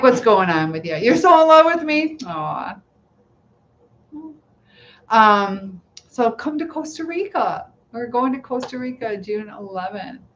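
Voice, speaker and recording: A woman's voice: mid-range voice, highs cut off, slight background noise. A woman hosting a casual live-stream chat, answering viewers as she braids her hair.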